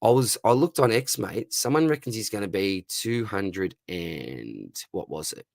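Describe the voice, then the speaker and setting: An Australian man hosting a casual livestream Q&A, hoarse from losing his voice, chummy, calling everyone mate and brother. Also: fairly low pitch, expressive, measured pace, no room sound, clean studio sound. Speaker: livestream host answering viewer questions.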